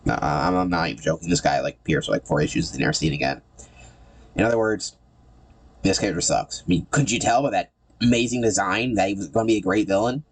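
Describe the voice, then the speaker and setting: A man with a notably low voice talks through a comic book run in a loose, casual way. He is sarcastic and irreverent, and he often stumbles and repeats words mid-sentence. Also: fast. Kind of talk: casual commentary.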